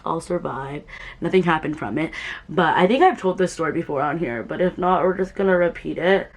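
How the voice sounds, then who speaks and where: A young adult woman, a beauty vlogger, chats casually while doing her makeup, rambling and peppering her talk with "like." Her voice sits low and she speaks a little fast.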